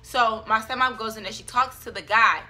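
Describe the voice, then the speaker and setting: A young vlogger tells a storytime tale to her camera, chatty and dramatic, with plenty of fillers. Her voice is a little high, bright and forceful at normal speed, with faint music in the background.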